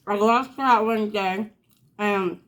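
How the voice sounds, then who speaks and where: Slow-talking woman. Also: mid-range voice, a bit bright. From New York. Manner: chatty, drawn-out storytelling with asides. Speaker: channel host. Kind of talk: casual storytime while eating.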